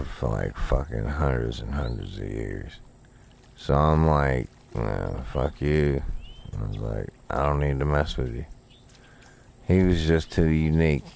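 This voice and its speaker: A man's voice: extremely low pitch, darkish tone, clear, resonant tone. A man telling a rambling, profane story while he plays a fishing game on stream. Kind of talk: casual storytelling while gaming.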